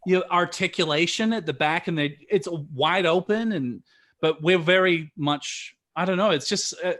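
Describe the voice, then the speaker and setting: An Australian man with a slightly high, bright, clear voice talks in a chatty, explanatory way. He speaks on a casual panel and chuckles through his anecdotes. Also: moderate pace. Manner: chatty, explanatory, laughs while telling anecdotes. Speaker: voice actor panelist. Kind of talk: casual panel chat on a video call.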